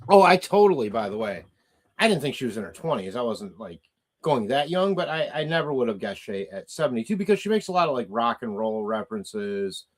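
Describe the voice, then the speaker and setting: A man's voice: mid-range voice, sing-song, fairly quick. A middle-aged man hosting a livestream, reading chat comments aloud and ranting casually with profanity and frequent laughter.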